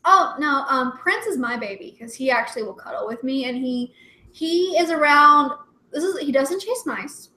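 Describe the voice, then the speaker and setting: A woman's voice: sits high, animated, moderate pace, sharp tone. A young woman chatting casually as a livestream co-host, giggly and rambling with lots of "like" fillers. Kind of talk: casual chat. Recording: roomy echo.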